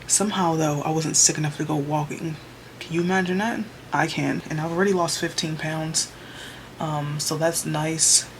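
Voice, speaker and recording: A woman's voice: low voice, steady tone, normal speed, background noise. A young woman in casual vlog chat from her small bedroom office, upbeat and chatty, saying y'all, recorded on a camera mic. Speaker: vlogger. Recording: music playing underneath.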